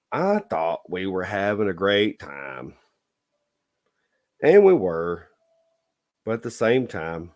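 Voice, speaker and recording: A man's voice: on the low side, a little mellow. A man telling a dating story in a blunt, folksy way, lecturing listeners with a repeated "okay?". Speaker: dating advice vlogger. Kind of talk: casual storytelling monologue.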